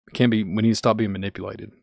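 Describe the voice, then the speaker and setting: A man's voice: on the low side, level tone, very fast, vocal fry, darkish tone, no echo, clean studio sound. A man from Kentucky with a Kentucky accent, hosting a livestream podcast, rambling and repeating himself as he reads the chat. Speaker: podcast host. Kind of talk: casual livestream talk reading chat.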